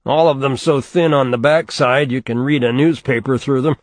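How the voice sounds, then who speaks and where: A man's voice: mid-range voice, steady tone, normal speed, no echo, voice pushed up, natural voice. A man voicing a sardonic young male economics graduate student, wry and exasperated, in an audiobook reading. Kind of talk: audiobook character voice.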